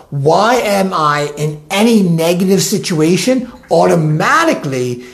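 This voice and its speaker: A life coach giving a motivational talk, animated and acting out the inner voices of listeners. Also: mid-range voice, vocal fry.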